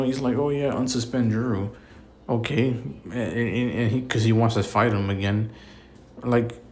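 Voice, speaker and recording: A man in the middle of an exasperated solo rant, circling back over the same point with filler words and blunt cursing. His voice sits at an ordinary middle pitch, casual and unscripted, like someone venting straight to camera. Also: darkish tone. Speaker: wrestling commentator.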